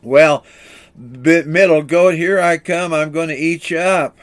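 Gruff bossy troll guarding his bridge, a preacher doing the voice, kinda high and loud. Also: steady tone, a little slow, close to an everyday voice. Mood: threatening. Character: menacing male troll under a bridge. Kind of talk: storytelling within a sermon.

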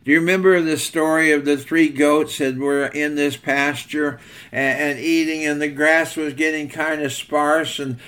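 A man's voice: a little high, fairly even intonation, unhurried, fairly bright tone. An older man preaching a sermon in a folksy, earnest storytelling manner.

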